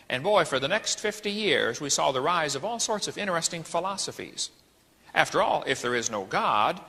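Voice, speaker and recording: A man's voice: fairly high pitch, pushed and bright, breathy edge. A man giving an emphatic, preacherly lecture full of rhetorical questions, recorded in an echoey hall. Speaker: speaker.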